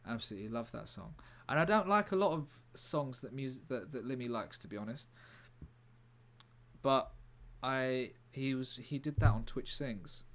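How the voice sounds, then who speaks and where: A man streaming live in a rambling, deadpan way, breaking off to answer his chat. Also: medium pitch, normal speed. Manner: rambling, deadpan, self-interrupting. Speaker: livestreamer reading chat. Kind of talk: casual livestream chat.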